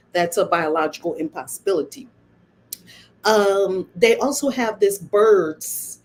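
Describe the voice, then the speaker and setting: A woman hosting her own channel, giving a casual spiritual monologue in an animated, emphatic and preachy way, often breaking into laughter. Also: fairly low pitch, a little hiss or hum. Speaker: channel host and spiritual speaker.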